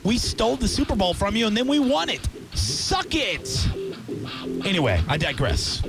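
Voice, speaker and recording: Male sports radio host, high, lively voice, heated ranting delivery. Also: moderate pace, gravelly, loud music behind the voice. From Tampa area. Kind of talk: sports talk rant.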